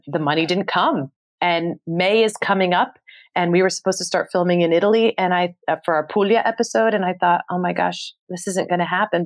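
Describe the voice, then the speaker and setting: A woman, speaking as a guest on a podcast interview. Her voice sits a little low, and she talks in a candid, heartfelt way. When she quotes her own past thoughts she speeds up, and her pitch climbs when she gets excited. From New York City, USA. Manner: emotional and earnest, rising pitch when excited, quick bursts when quoting herself. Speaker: podcast guest, TV host and producer.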